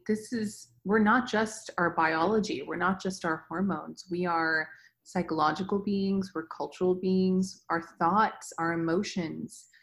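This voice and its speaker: A woman guest speaking as a mental health expert, explaining in a calm, reassuring way. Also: fairly low pitch. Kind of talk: explanatory interview answers.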